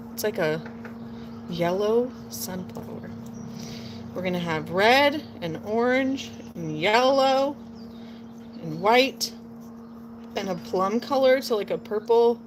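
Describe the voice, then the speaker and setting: Amid a noisy background, a woman with a medium-pitched voice talks casually while she crafts outside her home. She's a vlogger in her late thirties from Portland, Oregon, recorded on a phone nearby, rambling in a folksy way and slipping into a playful southern drawl.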